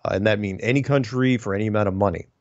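A man hosting a solo show, reading listener emails and answering them in a wry, digressive way with puns and quick self-corrections. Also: on the low side, darkish tone, no echo, muffled recording. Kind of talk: casual solo commentary.

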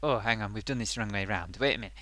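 A man voicing an excitable male sock puppet who hosts a comic makeup review, gushing and bumbling. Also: lowish voice, rapid-fire, no room sound. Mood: excited. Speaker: host.

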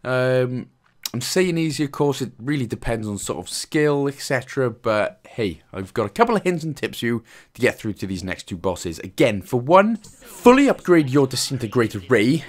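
Joking Welsh man with a lively voice. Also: mid-range voice, normal speed. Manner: joking, chatty, self-mocking. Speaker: gaming channel host. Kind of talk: casual gameplay commentary.

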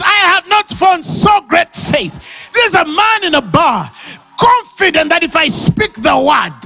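A man with a Ugandan English accent preaching a sermon, shouting and laughing as he acts out conversations with callers. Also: very high voice, vocal fry, husky. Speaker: pastor.

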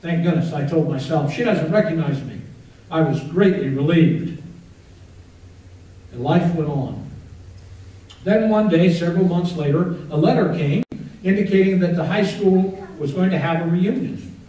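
A man preaching a sermon as a pastor, telling a story in an earnest way and dropping to a hushed prayer. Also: on the high side, unhurried, pauses often, distant mic. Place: church sanctuary. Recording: very echoey church from off-mic.

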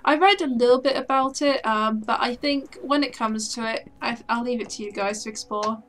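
A woman's voice: fairly high pitch, normal speed, fairly bright tone. A young woman giving casual, chatty let's-play commentary while she plays. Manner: chatty, giggly, self-talking. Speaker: gaming channel host.

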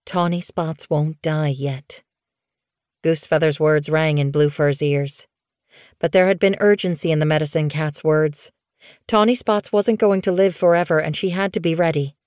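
A woman narrating an audiobook in a steady, measured storytelling voice. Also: low-pitched, clear, resonant tone, dry recording, studio quality.

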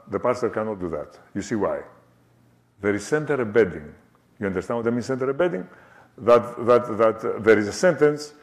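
An older man giving an academic lecture, halting with many fillers and restarts and often checking "okay?". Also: fairly low pitch. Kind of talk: academic talk. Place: lecture hall.

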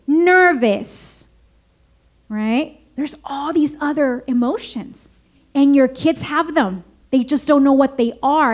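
Presenting a parenting workshop inside a school meeting room, a woman speaks in a high voice. She stays lively and engaging, puts questions to the audience to keep them involved, and falls into her English.

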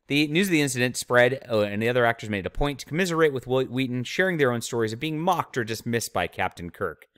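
A man's voice: medium pitch, animated, quick pace, fairly bright tone, dry recording, studio quality. A man hosting his own channel, giving opinionated commentary with sneering, mocking asides. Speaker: channel host, author.

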